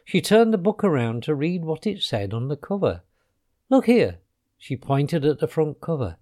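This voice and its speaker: A man narrating a children's storybook in an expressive, unhurried way. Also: a little high.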